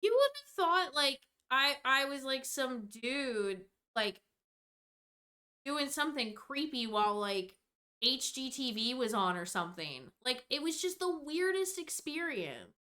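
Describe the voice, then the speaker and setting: Young woman, high-pitched, bright tone, exasperated storytime rant, rambling, swears a lot. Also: very animated, a little slow. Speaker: vlogger.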